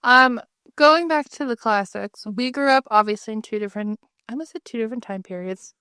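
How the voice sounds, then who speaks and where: Young woman chatting, slightly high, dry. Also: bright, forceful tone, clean tone, no echo. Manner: chatty, many fillers, quick asides. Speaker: podcast co-host. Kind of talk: casual chat.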